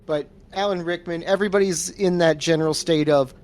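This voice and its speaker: A man's voice: fairly high pitch, steady tone, brisk. Playful man riffing on a podcast. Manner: playful, riffs with made-up lines. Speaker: podcast co-host. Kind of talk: casual movie chat.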